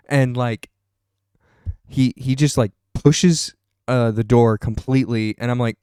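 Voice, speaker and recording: A man's voice: medium pitch, steady tone, a little slow, warm tone, smooth, no echo, studio quality. A young man streaming, rambling through a story with laughs and swearing. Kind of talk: casual chat, storytelling.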